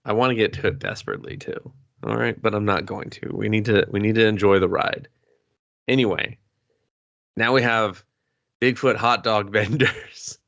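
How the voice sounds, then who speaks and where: A man's voice: fairly low pitch, fairly even intonation, moderate pace, vocal fry, fairly bright tone, no room sound, muffled recording. A man co-hosting a movie review podcast, ranting in a sarcastic, profane, casual way. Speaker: podcast co-host.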